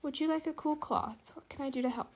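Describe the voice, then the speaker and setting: A woman reading the part of an anxious, gentle young husband who fusses kindly over his wife. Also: high voice, fast talker, pitched above the performer's own voice. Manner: anxious, mild.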